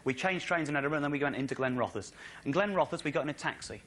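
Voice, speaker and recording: An English comedian tells a rambling story on stage, animated and comically exasperated. His voice is fairly high and bright, with a forceful edge. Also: fast talker. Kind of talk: stand-up storytelling to a studio audience.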